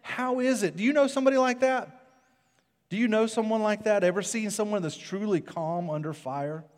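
A man preaching a sermon earnestly, moving between loud urging and soft, hushed passages. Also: high-pitched, brisk. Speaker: pastor. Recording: long hall reverb.

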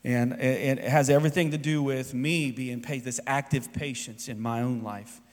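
A man preaching a sermon, rising to loud emphatic peaks and dropping to quiet, soft asides. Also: mid-range voice, steady tone, moderate pace. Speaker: pastor. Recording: long hall reverb.

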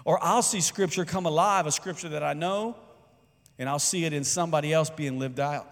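A man preaching to his congregation, his voice a little higher than most and carried by the long echo of a large church hall. He talks in a conversational way, asking the room questions and getting them to call back. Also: a little fast. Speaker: pastor. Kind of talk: sermon. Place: church sanctuary.

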